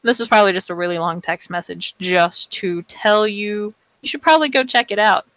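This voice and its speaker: Bright-toned woman at play. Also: medium pitch, fairly quick, dry recording, poor audio. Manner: rambling, playful, excitable. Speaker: player in a tabletop role-play. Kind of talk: casual in-character role-play chat.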